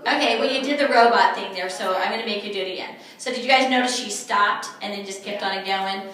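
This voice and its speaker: A woman runs a live workshop demonstration in a retreat's event room, teasing and playful as she gives the audience instructions. Her voice is medium-pitched, quick, and slightly bright. The room echoes and the mic sits far away.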